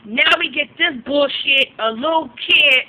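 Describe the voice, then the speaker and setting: A woman's voice: sits high, unhurried, sharp tone, low-quality recording. A young woman giving blunt, profane gossip reviews as a vlog host, talking casually and getting outraged.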